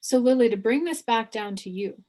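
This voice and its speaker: Animated woman giving a spiritual reading. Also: on the high side, normal speed. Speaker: psychic medium giving readings.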